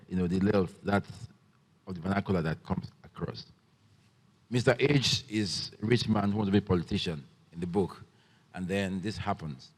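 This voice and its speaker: A man from Nigeria moderating a book panel, asking questions haltingly with many fillers and restarts. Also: low voice, darkish tone. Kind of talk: panel interview. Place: festival stage. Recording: long hall reverb.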